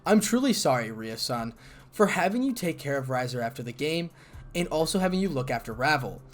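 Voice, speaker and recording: A man's voice: medium pitch, very animated, brisk, close to an everyday voice. A man voicing a composed, courteous young noble devil woman in a fan-read story. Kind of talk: fan audiobook reading.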